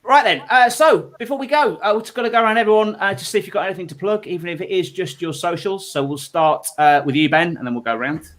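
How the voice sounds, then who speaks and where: A man's voice: sits high, animated, quick pace, hardly any pauses, a bit bright. A man hosting a live comedy panel show online, chatting and laughing as he reads out viewer messages. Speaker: host.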